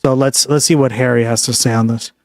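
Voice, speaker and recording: A man's voice: mid-range voice, steady tone, brisk, dry recording, studio quality, soft background music. A man streaming live, casually reacting to a news clip and chatting loosely with his viewers, leaning on "like" and "right?".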